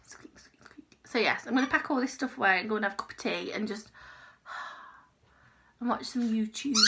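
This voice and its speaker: A woman's voice: a little high, very noisy. A woman chatting casually and rambling in a crochet vlog from her home. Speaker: crochet vlogger. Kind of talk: casual chat.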